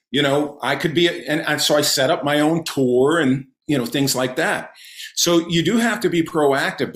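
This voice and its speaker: A male comedian and magician chatting as a podcast guest, spinning stories with lively, animated energy and a big, loud laugh. He sits at a medium pitch, and the recording picks up a noticeably roomy echo from the space he's in at home. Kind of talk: casual podcast interview storytelling.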